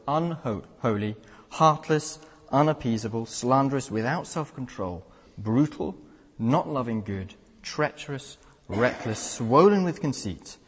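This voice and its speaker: Young preacher, husky, earnest and rhetorical, recorded in a hall with long reverb. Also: male voice, mid-range voice. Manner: earnest, rhetorical, with frequent tag questions. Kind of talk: sermon.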